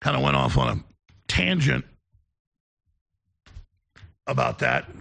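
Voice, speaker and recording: A man's voice: medium pitch, wildly swooping pitch, takes it slowly, gravelly, sharp tone. A man hosting a show, telling long rambling anecdotes in a casual on-air manner. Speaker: show host.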